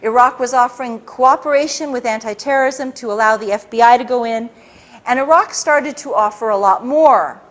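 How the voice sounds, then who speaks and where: A middle-aged woman, a former intelligence liaison, telling her story to an audience and acting out what people said. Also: high voice. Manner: animated, acts out quoted people. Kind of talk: recounting events to an audience.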